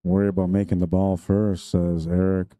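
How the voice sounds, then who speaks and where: A man's voice: low voice, flat delivery, moderate pace, warm tone, no room sound. A man commentating a pool tournament live stream, chatty and jokey, laughing often between remarks.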